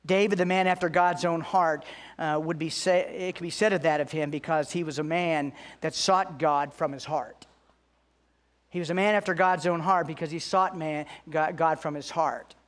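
A man with a notably high voice delivers a Sunday sermon as a pastor. He preaches earnestly, slowing down and lifting his voice to drive home each point. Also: fairly even intonation, a bit bright. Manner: earnest preaching, slows and rises for emphasis.

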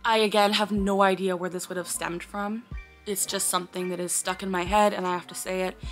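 A woman's voice: medium pitch, little pitch movement, brisk, faint music behind. A woman talking casually to camera as a vlogger, earnestly explaining, often breaking off with sudden blurted words and sighs.

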